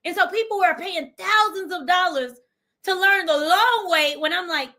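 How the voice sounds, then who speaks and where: A woman's voice: very high-pitched, moderate pace, sharp tone. A woman from Memphis with a Southern accent, giving an emphatic motivational livestream talk as a business coach, repeating lines for effect. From Memphis, Tennessee, US.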